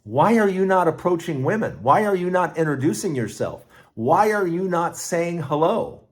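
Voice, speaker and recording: A middle-aged man hosting his own podcast, telling a personal story in a rambling, casual way with restarts and lively asides. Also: sits high, normal speed. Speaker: podcast host.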